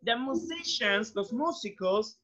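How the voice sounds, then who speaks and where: A woman teaching English, slowly repeating phrases for students to echo and mixing in Spanish. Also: a little high, animated, a bit bright. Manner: switches between English and Spanish. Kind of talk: classroom drilling. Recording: dull lo-fi sound.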